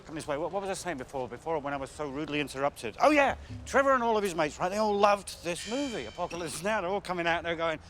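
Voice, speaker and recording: A man's voice: high-pitched, fast, hardly any pauses, a little hiss or hum. Rambling man telling a story. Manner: rambling, animated, acts out shouting strangers. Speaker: open mic performer. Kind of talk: stand-up storytelling monologue.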